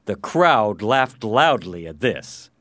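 A man reads a chapter of a storybook aloud in a low voice. His intonation rises and falls with a lot of life. The recording is dry and close. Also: very animated, takes it slowly, fairly bright tone, no echo. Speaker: audiobook reader. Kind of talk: scripted storybook narration.

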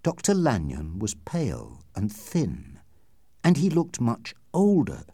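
A man narrating an audiobook in a clear, measured reading style. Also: medium pitch, huge pitch swings, dark tone, no echo.

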